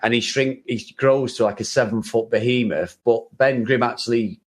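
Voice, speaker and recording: A man's voice: mid-range voice, fairly even intonation, normal speed. A man co-hosting a casual chat about an old film, talking freely with many restarts and frequent laughs. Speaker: podcast co-host.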